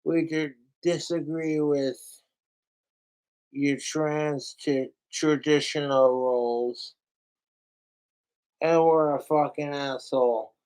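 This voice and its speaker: A man's voice: fairly high pitch, fairly even intonation, takes it slowly, long pauses, darkish tone, clear, resonant tone. A man hosting a podcast, ranting in a casual, heated and profane way. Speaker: podcast host.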